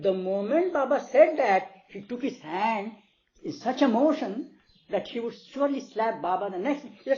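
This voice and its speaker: A man telling stories to a small group in a gentle, unhurried way, acting out the voices in them. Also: high voice, lively intonation. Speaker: speaker sharing stories of his spiritual master. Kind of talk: informal storytelling talk to a small group. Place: meeting hall. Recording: dull lo-fi recording.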